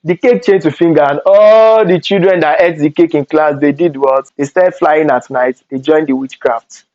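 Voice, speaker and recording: A young man with a Nigerian accent telling animated stories in a storytime vlog, slipping into Pidgin asides. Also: on the high side, normal speed, dull audio. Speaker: vlogger.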